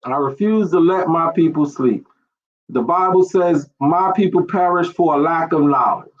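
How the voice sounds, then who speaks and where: A man's voice: on the high side, moderate pace. A man preaching an online sermon, asking rhetorical questions and repeating phrases. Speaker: pastor. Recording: dull lo-fi stream audio.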